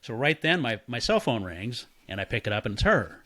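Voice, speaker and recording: A man casually telling a story, animated and swearing freely while he acts out the voices of the people in it. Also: mid-range voice, fairly quick. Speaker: podcast guest.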